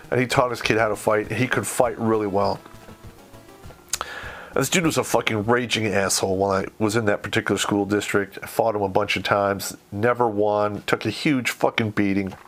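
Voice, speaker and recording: A man's voice: on the low side, moderate pace, a bit bright. A middle-aged man from Michigan telling a war story in casual, blunt, profanity-heavy podcast talk. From Michigan, USA. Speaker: podcast host.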